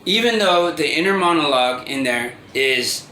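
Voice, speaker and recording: Man, 30s, vlogger; halting confessional talk, bright tone, roomy echo. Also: fairly high pitch, animated. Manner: rambling, halting, with many restarts and fillers. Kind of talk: confessional monologue to camera. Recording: roomy echo with faint ambient noise.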